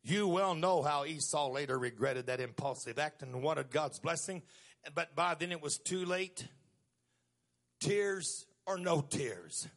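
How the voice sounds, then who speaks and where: A middle-aged man preaching a sermon, moving from quiet storytelling to loud, emphatic lines with stretched-out words. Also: fairly high pitch, a little slow, gravelly.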